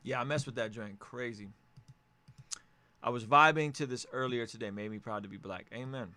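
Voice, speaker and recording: A man's voice: medium pitch, moderate pace, pushed and bright, dry recording. A man hosting a casual music review, upbeat and joking as he gives feedback on songs.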